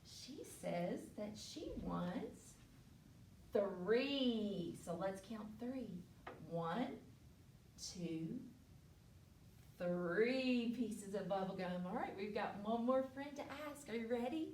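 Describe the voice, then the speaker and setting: A woman with a fairly high voice leads a storytime for little kids, slow and encouraging. She sounds set back from the mic in an echoey room with faint hiss behind her. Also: animated, far from the mic. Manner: gentle, encouraging, speaking to young children. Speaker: children's librarian. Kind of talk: children's storytime with a counting song.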